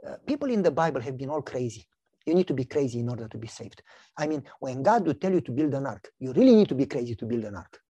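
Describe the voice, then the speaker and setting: Animated woman preaching a parable. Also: quick pace, husky, no room sound. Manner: animated storytelling, voices characters with big pitch swings. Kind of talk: sermon with acted-out parable.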